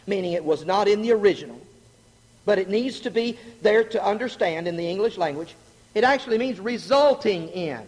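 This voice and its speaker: A middle-aged man preaching a sermon, animated and joking, asking the congregation questions. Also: sits high, husky. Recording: long hall reverb.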